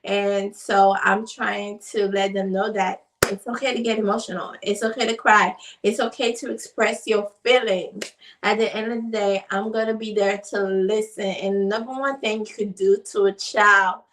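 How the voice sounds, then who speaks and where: Earnest mom talking a bit off-mic. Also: female voice, medium pitch, level tone, normal speed, a bit bright, recorded from a distance, slight background noise, low-quality recording. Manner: earnest, repeats phrases, many fillers. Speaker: mother of three boys. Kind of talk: casual talk to camera.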